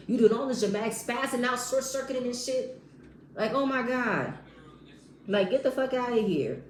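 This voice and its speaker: A woman's voice: on the high side, a little mellow, echoey room, a little hiss or hum, rough recording. A woman giving a blunt, exasperated casual recap of a reality show, mocking the people in it. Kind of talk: animated casual recap commentary.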